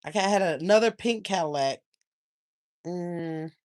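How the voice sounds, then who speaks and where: A woman's voice: on the low side, measured pace, a little mellow. An older woman chats casually on a livestream. She rambles, stops to search for things, and calls her viewers y'all. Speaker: channel host.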